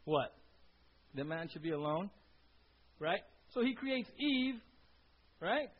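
A man's voice: high-pitched, lively intonation, slow, slight background noise. A man preaching a sermon in a conversational way, asking his listeners questions and tagging his points with "right?". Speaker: pastor. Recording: dull lo-fi sound.

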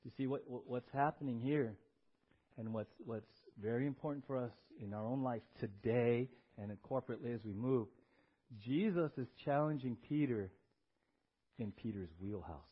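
A male pastor preaching a sermon in a church. He is animated and emphatic and asks the congregation questions. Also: mid-range voice, moderate pace, breathy edge. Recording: dull lo-fi recording.

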